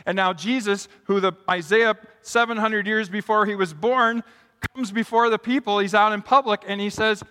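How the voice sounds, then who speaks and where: A middle-aged male pastor preaching to a congregation, his voice pitched high and bright with a forceful edge. He keeps swinging his pitch and volume to act out the lines he quotes. The sound rings with the long reverb of a church sanctuary. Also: steady tone, normal speed. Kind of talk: sermon.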